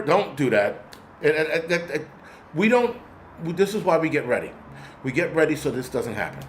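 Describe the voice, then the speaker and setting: A man's voice: fairly high pitch, sing-song, moderate pace, a little hiss or hum. A man hosting a casual vlog who rants angrily and bluntly, with plenty of profanity. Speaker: host.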